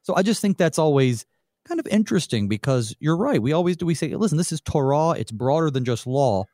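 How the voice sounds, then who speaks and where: A man's voice: brisk, no room sound, clean studio sound. A man who is a pastor and guest on a radio Bible study, talking thoughtfully and acting out examples. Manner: thoughtful, uses lively pitch to act out examples.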